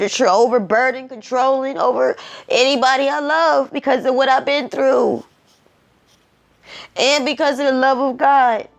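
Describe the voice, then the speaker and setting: Emotional, preachy woman with a slow, high voice. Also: gravelly. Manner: emotional, preachy, repeats herself. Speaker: commentary vlogger. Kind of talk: emotional personal commentary.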